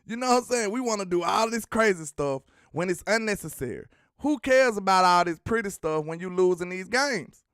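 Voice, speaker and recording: A man's voice: high-pitched, brisk, clean tone, dry recording, clean studio sound. A man hosting a sports talk show, chatting casually and teasing viewers as he reads out their comments. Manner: animated, slangy, teasing the chat.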